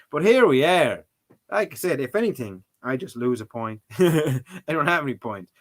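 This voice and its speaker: Irish man, young adult, livestream host, teasing, unhurried delivery, very animated pitch, dry close sound. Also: dry recording. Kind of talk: casual livestream chat.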